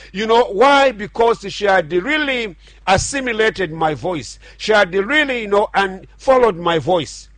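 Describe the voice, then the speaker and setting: A man delivers a radio sermon in a slow, unhurried way, his pitch climbing and falling with lively swings. He sounds earnest, repeating himself and restarting phrases. The sound is dry and close. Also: dry recording. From Zambia. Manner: earnest preaching with repetitions and restarts. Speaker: radio pastor.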